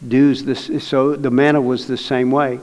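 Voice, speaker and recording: A man's voice: mid-range voice, little pitch movement, moderate pace, a little mellow. A man preaching a sermon, telling a personal story in a folksy, plainspoken way. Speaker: pastor. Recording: long reverb of a large hall.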